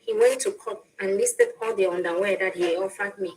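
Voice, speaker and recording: A woman's voice: mid-range voice, moderate pace, darkish tone, slight background noise, poor audio. Woman chatting away in an old clip, laughs a lot between bits. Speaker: interviewee in a played clip. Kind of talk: casual chat.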